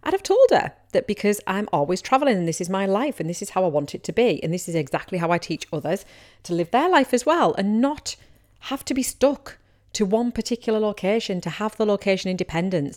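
A woman with a broad Teesside accent talks straight to her listeners in a relaxed solo podcast. She is candid and chatty, a business coach who drops into quick imitations of what people might be thinking about her. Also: lowish voice. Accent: Teesside English. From Teesside, England. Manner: candid, chatty, acts out imagined remarks from listeners. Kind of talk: casual solo podcast monologue.

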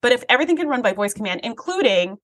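A woman's voice: on the high side, very animated, rapid-fire. A woman co-hosting a podcast, chatting casually and thinking aloud while quoting characters. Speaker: podcast co-host. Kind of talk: casual chat recapping an episode.

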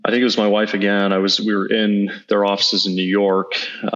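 A man in his thirties, a guest entrepreneur in an interview, telling a personal story in an earnest, halting way with small restarts. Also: on the low side, level tone, fairly bright tone. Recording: slightly dull lo-fi audio.

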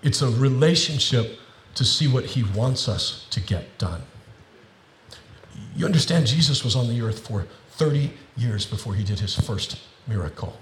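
A middle-aged man preaching a sermon at a middle pitch, his voice filling an echoey room. He talks in an animated way and builds to emphatic, repeated phrases. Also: normal speed. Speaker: pastor.

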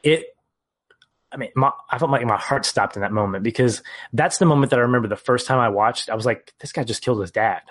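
A man's voice: medium pitch, brisk, a bit bright. A man co-hosting a casual film podcast, earnestly retelling scenes and his reactions. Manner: earnest, storytelling recap. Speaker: podcast co-host.

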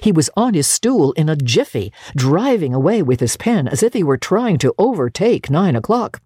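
A woman narrating a classic novel in an expressive audiobook reading. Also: sits low, moderate pace, husky, dry recording, clean studio sound.

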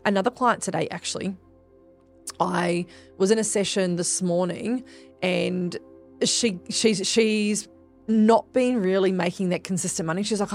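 A woman's voice: mid-range voice, moderate pace, soft background music. A woman hosting a podcast as a spiritual business coach, in a casual motivational monologue, emphatic and chatty, swearing freely and calling her listeners "guys".

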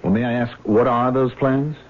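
A man's voice: mid-range voice, steady tone, normal speed, natural voice. An actor playing a nervous, skeptical young man in a 1970s radio drama, startled and stammering. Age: young adult. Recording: tinny old radio broadcast with faint hiss.

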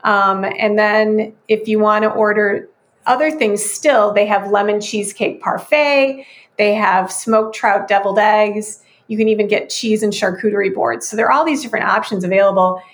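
A woman co-hosting a casual food segment, going through menu items in a friendly way and pausing on small ums. Her pitch sits in a middle range. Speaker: food news co-host. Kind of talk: casual chat.

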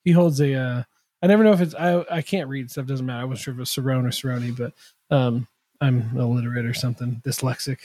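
A man's voice: mid-range voice, fairly even intonation, fast talker, warm tone, no room sound. A man, a guest on a podcast who builds machine tools, talking in a rambling, self-deprecating way full of fillers. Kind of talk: casual podcast chat.

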